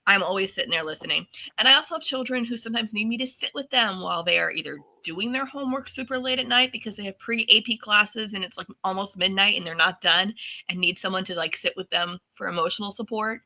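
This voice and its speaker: A woman in her forties co-hosting a casual book podcast, telling stories animatedly and acting out quick asides. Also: mid-range voice, poor audio. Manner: animated storytelling with voiced asides. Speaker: podcast co-host. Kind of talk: casual chat.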